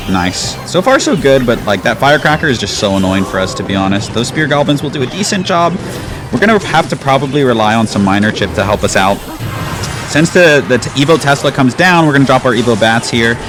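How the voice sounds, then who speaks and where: A man giving casual, chatty commentary over his own gameplay, with a laid-back manner and lots of "like". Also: fairly low pitch. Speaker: gaming YouTuber. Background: game music.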